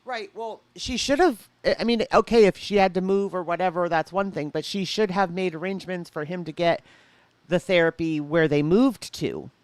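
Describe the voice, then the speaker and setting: A woman's voice: fairly low pitch, moderate pace, no room sound. A woman hosting live reaction commentary, making blunt, skeptical remarks and greeting her chat. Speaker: commentary streamer reacting to a clip.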